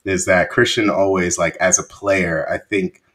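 Young man, podcast host, very deep voice, easygoing and full of fillers. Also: measured pace. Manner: relaxed, repeats words and uses many fillers. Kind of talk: casual interview chat.

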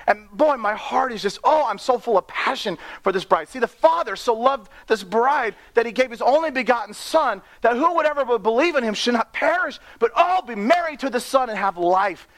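Animated young male preacher, high voice. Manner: animated, playful, laughs at own asides. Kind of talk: sermon.

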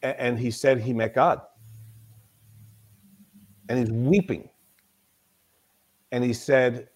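A man's voice: medium pitch, steady tone, slow pace, pauses often, a little mellow. A man speaking as a guest in a conversational podcast interview. He talks as a mental toughness coach, telling stories with emphasis and often repeating himself.

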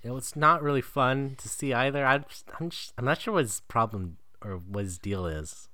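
Wry, laughing man with a bright, clear voice. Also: medium pitch, dry recording. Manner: wry, laughs often, quick jokey asides. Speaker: podcast co-host. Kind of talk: casual movie recap chat.

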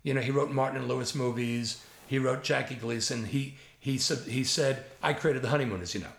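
This man, a comedy writer in his seventies, is a lively storyteller who mimics others and curses without hesitation in his casual anecdotes. His gravelly, mid-range voice moves a little fast in a reverberant space.

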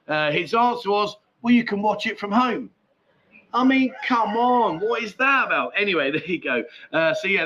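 A man's voice: high-pitched, pushed and bright, rough recording. A man hosting a live stream chat show from home, rambling casually through viewer comments, swearing freely and laughing often. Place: at home with a dog nearby.

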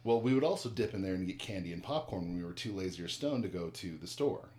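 A man co-hosting a casual podcast, an animated storyteller who jokes around and swears freely. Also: sits low, quick pace, reverberant. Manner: animated storyteller, jokey and profane. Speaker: podcast co-host.

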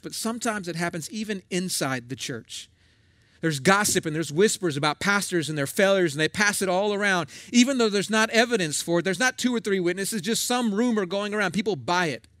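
A middle-aged pastor delivers a sermon in a folksy, conversational manner, punching his points with emphatic asides. His voice sits high for a man. The recording is dry, with little room sound. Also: expressive, fairly quick, a bit bright, dry recording.

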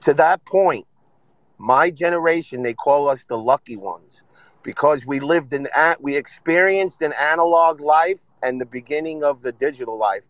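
Jersey guy ranting on his phone while driving, kinda high voice, dry sound. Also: lively intonation, moderate pace, dry recording, low-quality recording. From Northern New Jersey. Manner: profane, rambling storyteller. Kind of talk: casual chat. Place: driving a car. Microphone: phone in hand.

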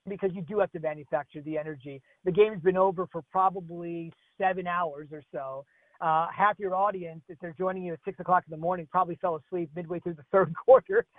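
A man from New Jersey calls in as a guest broadcaster, his voice coming through a narrow, tinny phone line. He talks at a rapid clip in a fairly high register. He rattles off names in quick lists with plenty of energy. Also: no echo. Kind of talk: casual radio interview.

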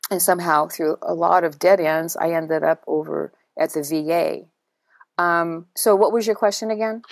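A middle-aged woman, a guest who teaches writing to veterans, speaking in a halting, searching way with many repeats and restarts. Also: lowish voice, steady tone, creaky, no echo. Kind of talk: emotional personal interview.

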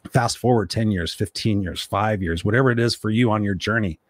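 A man's voice: lowish voice, fairly quick, no room sound, clean studio sound. A man hosting a motivational live stream, reading viewer comments and talking bluntly and profanely, repeating phrases for emphasis.

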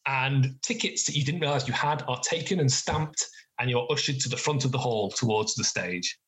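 A man's voice: mid-range voice, moderate pace, rough recording. Guy gm-ing a tabletop game, medium voice, chatty scene-setting with lots of uhs and likes. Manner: lively descriptive narration with fillers. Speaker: game master.

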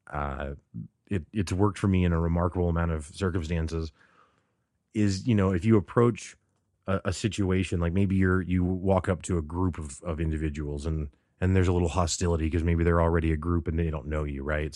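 A man's voice: deep voice, darkish tone, dry recording, clean studio sound. A man hosting a casual solo podcast, talking loosely, laughing often and acting out the people he quotes. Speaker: podcast host.

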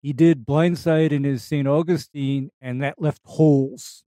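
Higher-pitched male co-host, dry sound. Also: steady tone, unhurried, mellow, no echo. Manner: emphatic, chatty. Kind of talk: casual call-in show chat.

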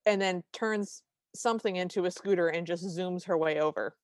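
A woman's voice: on the low side, moderate pace, no echo, clean studio sound. A woman co-hosting a podcast, giving wry, detailed recaps in casual chat. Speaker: podcast co-host.

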